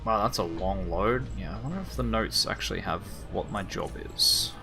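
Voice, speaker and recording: A man's voice: lowish voice, moderate pace, vocal fry, music in the background. A young Australian man playing a video game, reading its dialogue aloud and commenting as he goes. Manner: lively, reads all characters aloud. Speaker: let's play gamer.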